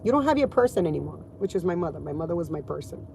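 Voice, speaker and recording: A woman's voice: fairly low pitch, very animated, rapid-fire, creaky, mellow, a little hiss or hum. A woman in her forties talking candidly and emotionally in a casual vlog from inside her car, swearing freely. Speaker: vlogger.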